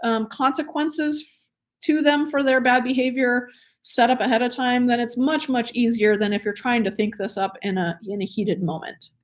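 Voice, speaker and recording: A woman's voice: fairly high pitch, moderate pace. A woman instructor giving a recorded training lecture, chatty and enthusiastic, with fillers and small laughs. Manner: energetic and enthusiastic.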